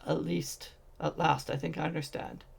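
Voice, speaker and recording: Man reading grizzled ancient wizard, sorrowful, gravelly, husky voice, fairly high. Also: level tone, normal speed, full character voice. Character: grieving ancient male wizard, grizzled and gentle.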